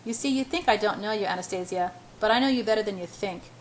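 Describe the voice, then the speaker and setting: A woman's voice: mid-range voice, fast talker, a little hiss or hum, close to an everyday voice, rough recording. A woman reading the lines of a commanding, possessive young male executive who is stern one moment and dryly teasing the next. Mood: murmuring. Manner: stern, then dry and teasing.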